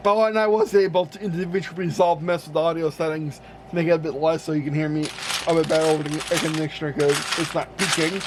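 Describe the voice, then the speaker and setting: A man's voice: a little high, level tone, fast talker. A man casually talking to himself while building with Lego, rambling and correcting himself often. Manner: rambling, self-correcting, talks to himself while sorting pieces. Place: room with an air conditioner running. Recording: noisy room with air conditioner hum.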